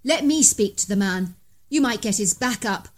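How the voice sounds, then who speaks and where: Polite easygoing hunter guy, calls out a bit louder and higher, woman doing him. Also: expressive, natural voice. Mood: calm. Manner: measured and polite, then calling out loudly. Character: calm, level-headed grown male hunter.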